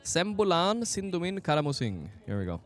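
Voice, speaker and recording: Male streamer, casual gameplay commentary, excitable and profane, faint music behind. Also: fairly high pitch, fairly quick. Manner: excitable, swears often, talks to chat.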